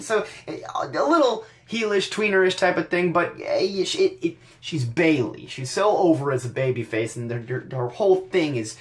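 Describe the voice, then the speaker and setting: A man hosting a podcast, recapping wrestling in a casual, wry, sarcastic way with frequent stammered restarts. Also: a little high. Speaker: podcast host.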